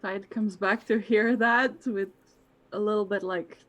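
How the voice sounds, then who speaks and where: A woman playing a tabletop role-playing game, excitable and giggly. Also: medium pitch, unhurried. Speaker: player. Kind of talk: tabletop role-play chat.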